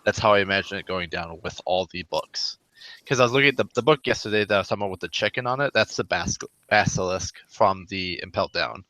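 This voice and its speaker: Bright-voiced man rambling in group chat. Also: sits low, fast talker, no echo. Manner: rambling, many fillers and restarts. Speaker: podcast co-host. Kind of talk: casual group chat over voice call. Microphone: computer mic on a voice call.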